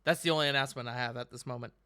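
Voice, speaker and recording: A man's voice: medium pitch, steady tone, rapid-fire, bright, forceful tone, clean tone, no echo, studio quality. A man hosting and running a tabletop game, giving joking, upbeat sign-offs at the end of a stream. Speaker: game master and host. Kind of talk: casual stream outro.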